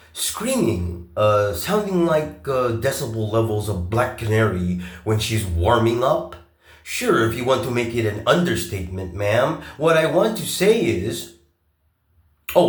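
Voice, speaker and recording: A man talking in a long, rambling monologue. He swears a lot, turns sarcastic, and stops often on filler pauses. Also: on the low side, echoey room. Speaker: vlogger.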